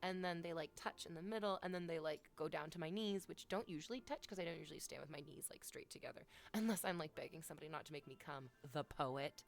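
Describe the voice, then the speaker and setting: A woman's voice: low-pitched, fast talker, vocal fry, few pauses. Teasing, crude-talking woman streamer. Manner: playful, teasing and crude, talking straight to chat. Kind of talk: casual live-stream chat. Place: home, talking to viewers with her dog nearby. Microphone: desk microphone, off camera.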